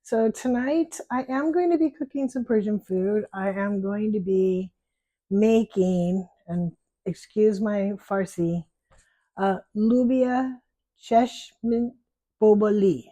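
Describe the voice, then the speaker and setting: Friendly American woman hosting a home cooking vlog, chatty and self-deprecating, warm tone, dry recording. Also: mid-range voice, slow, no room sound. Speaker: home cook. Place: home kitchen.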